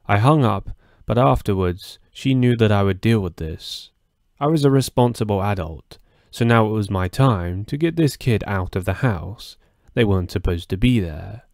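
A man narrating a first-person horror story in a steady, matter-of-fact way. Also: on the low side, moderate pace, no echo, studio quality.

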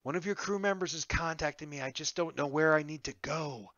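Man playing a frightened bloodied survivor, hoarse urgent whisper, bright voice, dull lo-fi sound. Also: fairly high pitch, a little fast, dry recording, voice pushed up, close to an everyday voice. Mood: whispered pleading. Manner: nervous, hushed, pleading. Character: harried, bloodied male human survivor hiding out.

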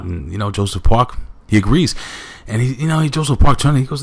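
A man's voice: mid-range voice, fast. A man reviewing a wrestling show in a casual recap, rambling with lots of fillers and asides to his viewers.

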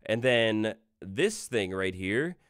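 A man's voice: fairly low pitch, very animated, takes it slowly, fairly bright tone. A young man live-streaming a game, chatting casually and rambling to his chat while he sets things up.

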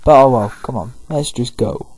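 A man commentating casually over a game, paraphrasing characters in quick throwaway voices. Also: mid-range voice, a little mellow, slightly rough, no echo, poor audio. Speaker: gameplay commentator. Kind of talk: casual let's-play commentary.

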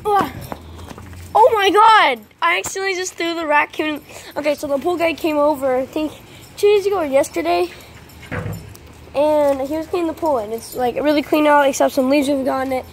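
A high-pitched woman talks into a phone held in her hand, out in a backyard by a pool. Her talk is casual and rambling, and she turns aside now and then to speak to her dog. A faint noise sits under the outdoor recording. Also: a little fast. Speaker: vlogger. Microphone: handheld phone.

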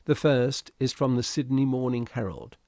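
A man reading a classic short story aloud in a steady, deliberate storytelling manner. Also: mid-range voice, no room sound, clean studio sound. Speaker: reader. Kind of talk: audiobook narration of a classic story.

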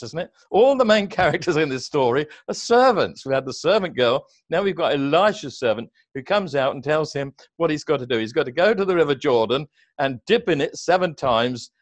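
Man, fairly high voice, church storyteller who acts out the characters' lines, dry close recording. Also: dry recording. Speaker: minister leading an online service. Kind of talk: conversational Bible discussion.

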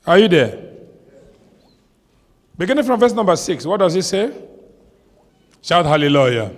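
A man preaching a sermon as a pastor, shouting some lines and slowing hard on others. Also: high voice, big pitch swings. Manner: preaching with sudden shouts and dramatic slow stretches. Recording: long hall reverb.

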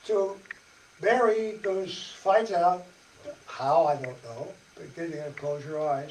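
A man with a fairly high voice speaks a little slowly while giving a folksy talk to a church study group, chatting and playing out dialogue with laughs. It's captured from a distance in an echoey church meeting room with faint hiss.

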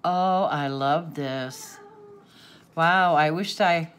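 Speaking very slowly in a low, clean-toned voice, a woman from a crafting channel opens happy mail off camera while talking to viewers. Her reactions are emotional: sniffles, tears, gasps and delighted laughter.

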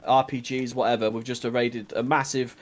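A man's voice: medium pitch, flat delivery, normal speed. A man calling out urgent, punchy commands to his squad in a military game over a headset. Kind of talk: shouting quick orders over voice chat.

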